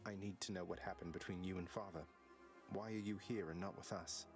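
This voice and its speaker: An actor playing an earnest young prince of the underworld in a video game, asking searching questions. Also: male voice, low voice, steady tone, a little fast, soft background music.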